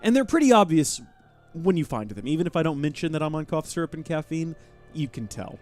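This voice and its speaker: A man's voice: on the high side, brisk, faint music behind. A young man streaming live gameplay, chatting and thanking viewers as he plays. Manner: chatty and animated, thanking chat mid-game.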